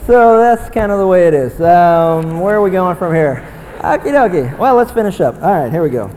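A young man preaching a sermon, animated and swinging from low, quiet asides to loud, excited bursts. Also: normal speed, some chatter behind, a little hiss or hum. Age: young adult. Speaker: pastor. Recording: long hall reverb.

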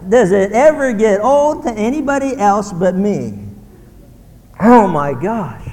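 A male pastor preaching a sermon in an animated way, acting out grumbling voices. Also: high-pitched, moderate pace, long reverb tail.

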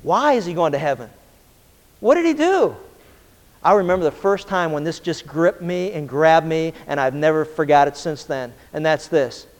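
A man with a high, bright voice preaches with passion, rising and falling as he drives each point home. His words ring out with a long reverb, as if he is filling a large hall. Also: animated, moderate pace. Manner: impassioned preaching, acting out voices of the thieves. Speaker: pastor. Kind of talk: sermon.

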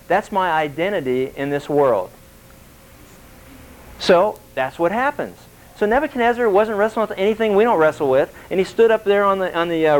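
With a voice on the high side, a male pastor delivers a lively, conversational sermon, quizzing his congregation and voicing quotes in shifting characters. The recording's audio is poor.

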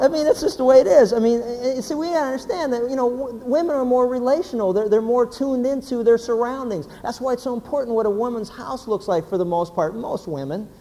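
A man, a pastor, giving a humorous sermon as an animated, joking storyteller. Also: extremely high pitch, fairly quick, hardly any pauses. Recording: hall reverb, faint background noise.

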